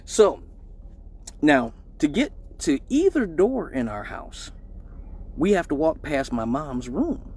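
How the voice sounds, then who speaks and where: Man, comic storyteller, lively pitch, profane, laughing, live stream. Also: slow, slight background noise. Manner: animated, profane, laughing often.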